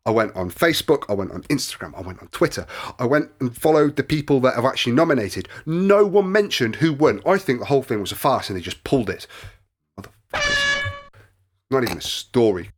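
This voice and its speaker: A man's voice: mid-range voice, animated, fast talker. Guy ranting on a podcast, voice jumps all over, swears a lot. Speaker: podcast co-host reading news. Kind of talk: casual podcast banter.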